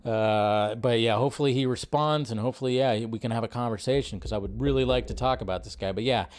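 A man hosting a live film news stream, chatting casually and rambling, often jumping from high excited bursts to low mutters. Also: quick pace. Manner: rambling, animated, jumps between high and low.

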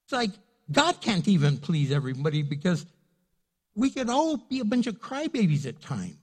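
A man preaching as pastor in a casual, animated way, acting out the people he quotes. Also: high voice, normal speed, slightly rough, big-room sound. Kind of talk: sermon. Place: church sanctuary.

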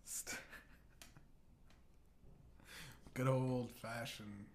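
A man hosting a comedy podcast, rambling through absurd bits with casual swearing and many restarts. His voice sits at an average pitch for a man, with a faint hiss of background noise. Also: steady tone, extremely slow. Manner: rambling, profane, full of restarts and filler. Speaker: podcast host.

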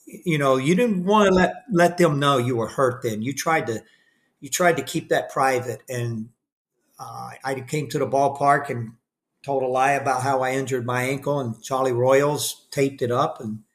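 An older man telling a candid story in an interview, rambling with restarts and fillers. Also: medium pitch. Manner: acts out the voices of people he quotes; candid and self-deprecating. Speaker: podcast guest.

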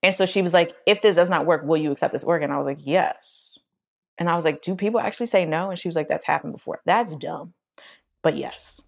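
A woman's voice: very fast, creaky, few pauses. A young adult woman co-hosting a podcast, telling a personal story in casual chat and acting out quoted voices. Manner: animated, acts out quotes in a high voice. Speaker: podcast co-host.

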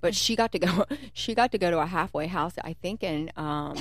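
Blunt, foul-mouthed woman with a low voice. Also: moderate pace, no echo. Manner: profane, blunt storytelling. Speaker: podcast co-host. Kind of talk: casual chat.

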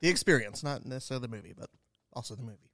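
A man co-hosting a casual podcast, throwing in deadpan quips. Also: mid-range voice, very fast, dry recording, studio quality. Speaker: podcast co-host. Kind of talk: casual chat.

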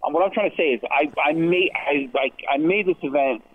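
A male podcast guest heard over a thin, phone-like line, with a slightly high voice. He talks earnestly and rambles, often restarting his sentences and running over the other speakers. His pace is casual and conversational. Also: moderate pace, slightly rough. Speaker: event organizer, guest. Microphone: phone or call audio.

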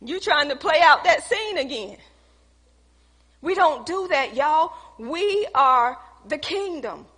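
A high, bright-voiced woman preaching a sermon, turning personal testimony into a lesson. She speaks conversationally and calls out to the congregation. Her voice rings with long reverb from a church hall. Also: expressive, takes it slowly.

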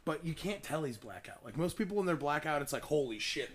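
A man's voice: a little high, very animated, fast talker, crowd noise. A man chatting casually, giggling often and filling his speech with "like". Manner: giggly, heavy on filler "like". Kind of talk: casual chat.

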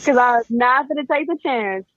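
A woman in casual chat, talking relaxed and easygoing with lots of "like". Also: high-pitched, moderate pace, dry recording. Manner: relaxed, chatty, filler "like" often. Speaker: podcast co-host. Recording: dry, slightly muffled mic.

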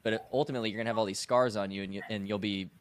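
Podcast co-host, male, military commander, low voice, earnest and reflective. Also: fairly even intonation, very fast, noisy background. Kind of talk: casual podcast discussion.

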